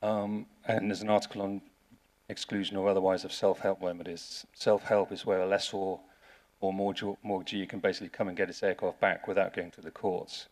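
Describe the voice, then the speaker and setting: An English-accented man, a lawyer, gives a seminar talk at a conference in a low-pitched, flat, brisk voice that's a little mellow. His humor is dry and wry, and he frequently restarts his sentences.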